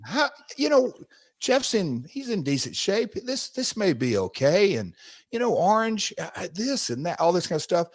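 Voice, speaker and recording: A man, co-hosting a podcast, telling animated stories and repeating himself as he goes. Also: high voice, moderate pace, dry recording. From United States. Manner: animated storytelling, rambling with restarts. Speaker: podcast co-host, former wrestler. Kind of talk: casual podcast chat.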